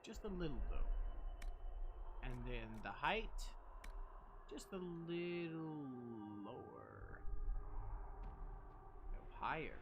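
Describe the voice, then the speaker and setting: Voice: medium pitch, huge pitch swings, drawn-out words, gravelly, long pauses, noisy background. A game streamer giving casual, joking commentary with plenty of swearing and self-deprecating asides.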